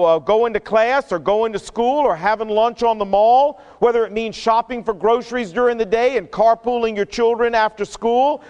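Male pastor, earnest sermon, very high voice, long echo. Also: clean tone, muffled recording. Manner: earnest, emphatic, repetitive. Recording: long hall reverb.

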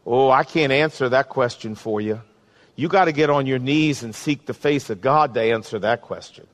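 A man, a pastor, preaching a sermon and then leading a slow, pleading prayer. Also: mid-range voice. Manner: earnest, pleading, slows for emphasis.

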